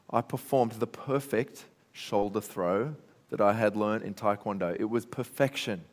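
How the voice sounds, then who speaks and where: A man with an Australian accent preaching a sermon, telling stories in a conversational way. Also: on the low side. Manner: conversational storytelling. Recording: long reverb in a hall.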